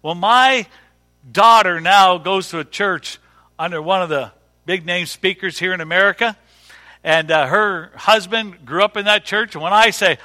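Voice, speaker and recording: A man's voice: high voice, normal speed, bright, forceful tone. A middle-aged male pastor preaching a sermon in a folksy way, repeating words and using dry humor. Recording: long hall reverb.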